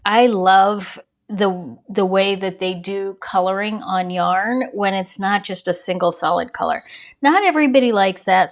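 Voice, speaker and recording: Unhurried chatty woman reviewing yarn. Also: medium pitch, creaky. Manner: chatty and rambling, digresses with small laughs. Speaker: crochet channel host. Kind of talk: casual yarn review and demonstration.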